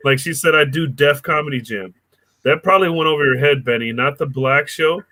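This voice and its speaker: A man's voice: on the high side, fairly quick, bright, forceful tone, no echo. A man from the United States, a comedian and producer, joking and swearing freely while chatting in a podcast interview.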